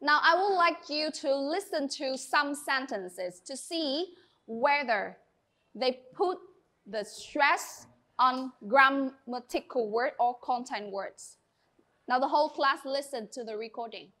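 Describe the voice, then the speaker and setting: High, bright-voiced woman teaching class. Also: animated. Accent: Vietnamese. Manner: slow, deliberate instructions to students. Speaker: English teacher. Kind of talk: classroom lesson.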